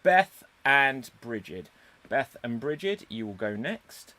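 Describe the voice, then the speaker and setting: A man's voice: mid-range voice, big pitch swings, slow, sharp tone. A man hosting a live improv comedy show over a video call, upbeat as he reads out suggestions. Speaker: host.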